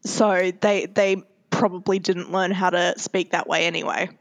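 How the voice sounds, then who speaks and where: A woman's voice: on the low side, steady tone. Hesitant woman podcast host. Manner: thoughtful, hesitant, many pauses and fillers. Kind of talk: casual podcast chat.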